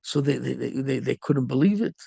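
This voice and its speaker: A man's voice: mid-range voice, animated, brisk, gravelly, warm tone, breathy edge, no echo. A middle-aged man, a rabbi, giving a storytelling sermon peppered with Yiddish and Hebrew terms.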